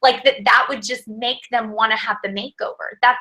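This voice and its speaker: Bright, energetic woman sales coach. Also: fairly high pitch, moderate pace, rough recording. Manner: energetic, chatty, peppered with fillers. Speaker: sales director coaching her team. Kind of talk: motivational coaching talk.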